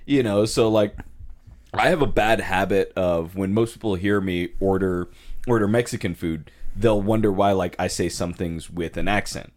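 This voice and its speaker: A man's voice: low voice, normal speed. A man from California co-hosting a casual podcast, telling stories with lots of "and whatnot" and acted-out quotes. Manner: animated storyteller, lots of "and whatnot", acts out quotes. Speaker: podcast co-host. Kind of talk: casual chat.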